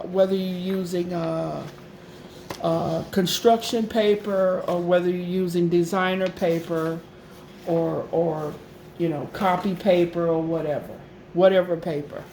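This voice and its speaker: A woman's voice: fairly low pitch, warm tone, a little hiss or hum. Chatty woman teaching a craft, roomy echo. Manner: chatty, repetitive, checks in with "okay?". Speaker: craft channel host. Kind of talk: casual craft tutorial.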